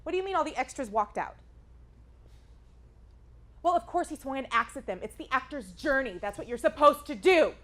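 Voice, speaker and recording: A woman's voice: high-pitched, animated, brisk, pauses often, a bit bright. A woman playing a frantic, exasperated community college theatre director in a comedy sketch, barking orders at her crew. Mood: frantic, bossy.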